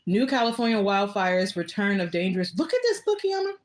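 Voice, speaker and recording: A woman hosting a casual livestream while eating, excitable and exclamatory, swearing freely. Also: mid-range voice, fairly quick. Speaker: livestream host.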